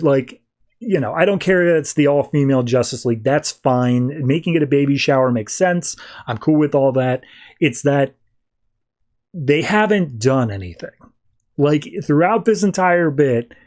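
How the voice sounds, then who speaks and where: A man's voice: mid-range voice, darkish tone. A man hosting a podcast, casually recapping and reviewing a story in a loose, rambling way full of fillers. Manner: loose, filler-heavy retelling with frequent "like". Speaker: podcast host.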